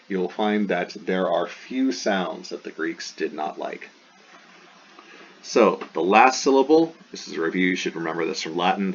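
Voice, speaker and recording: A man's voice: low-pitched, slight background noise. A man teaching a recorded lesson, explaining step by step and repeating sounds aloud. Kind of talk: recorded classroom lecture. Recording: dull lo-fi sound.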